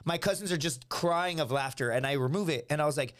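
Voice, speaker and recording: A man in his thirties, a comedian telling a story on a podcast, animated and laughing mid-sentence. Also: a little high, fast talker. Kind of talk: casual comic storytelling.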